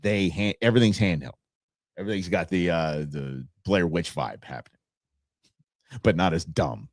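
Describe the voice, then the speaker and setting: Male podcast host, lowish voice, dry close sound, chatty and excitable, rambles freely. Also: normal speed, long pauses, dry recording. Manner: rambling, enthusiastic, self-interrupting. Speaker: show host. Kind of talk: casual solo podcast talk.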